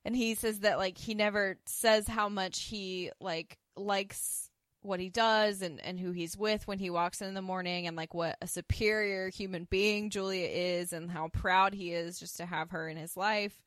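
She sounds like a podcast co-host walking her partner through an episode, quoting each character's lines as she goes and breaking into laughter. Her voice sits at an ordinary middle pitch, and the recording is close and dry with no room sound behind it. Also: fairly even intonation, normal speed, a bit bright, no echo. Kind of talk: casual chat recapping an episode.

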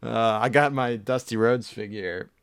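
A man co-hosting a podcast in casual, profane, rambling chat, mostly low-key. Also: a little slow, clean tone, no echo. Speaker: podcast co-host.

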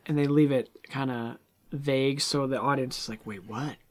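Man, casual movie chat, animated retelling, acts out quoted lines, mid-pitched voice. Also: moderate pace.

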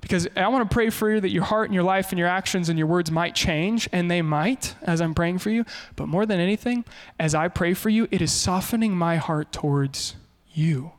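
Male pastor, high-pitched, lively preacher, big echoing hall. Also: moderate pace, few pauses. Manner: animated, shifts into quoted voices. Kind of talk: sermon.

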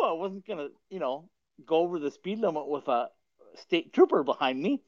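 A man's voice: high-pitched, lively intonation, moderate pace, no room sound. A man hosting a podcast who chats and tells stories casually, rambling and often chuckling mid-sentence. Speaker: podcast host. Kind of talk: casual storytelling chat. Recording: dull lo-fi dry sound.

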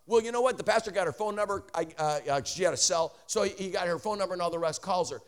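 A traveling preacher tells a story in an animated sermon, adding joking asides and restarting often. His voice sits high and moves at a quick pace.

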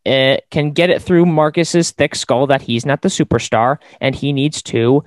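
A man's voice: medium pitch, moderate pace, dry recording. Rambling man hosting a sports podcast. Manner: rambling, opinionated, with many fillers. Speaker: podcast host. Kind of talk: casual sports podcast chat.

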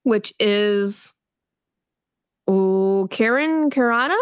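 Speaking very slowly in a clean, mid-range voice, this woman co-hosts a book podcast in casual chat. She gushes with animation and performs scenes using little voices.

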